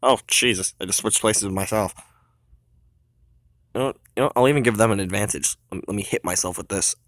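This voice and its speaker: A man's voice: on the low side, brisk, no echo, clean studio sound. Cocky young man narrating his game. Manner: cocky, trash-talking, singing along in bursts. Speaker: gamer. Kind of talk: casual gameplay commentary.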